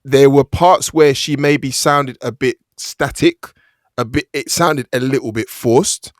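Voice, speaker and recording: Man co-host, mid-pitched and dry, reasoned and deliberate in debate. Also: no room sound. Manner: measured, reasoned, builds an argument. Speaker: podcast co-host. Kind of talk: casual film review chat.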